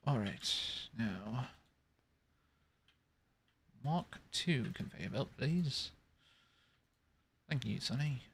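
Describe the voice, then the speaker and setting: A man's voice: mid-range voice, expressive, drawn-out words, long pauses, slight background noise. A man chatting casually to himself while playing a building game, rambling and talking through each step as he works. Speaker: gaming video creator. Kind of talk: casual gameplay commentary.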